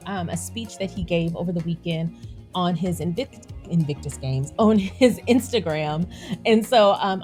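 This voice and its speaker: A woman with a Southern country accent, hosting a casual vlog in a chatty, animated way, with soft music playing behind her. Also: lowish voice. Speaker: YouTube channel host.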